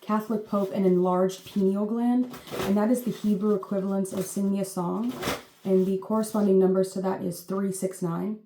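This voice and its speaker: A woman with a mellow, relaxed tone rambles through a casual reading, leaning on fillers and the odd playful curse. Her voice carries a roomy echo, with faint noise underneath. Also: medium pitch, normal speed. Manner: chatty, meandering, full of fillers, swears playfully. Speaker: channel host giving intuitive readings.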